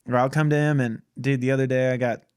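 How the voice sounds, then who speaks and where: Animated young man telling stories. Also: mid-range voice, quick pace, clean tone. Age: 20s. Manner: animated storytelling, laughs often. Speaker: podcast guest, church creative director. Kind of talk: casual chat.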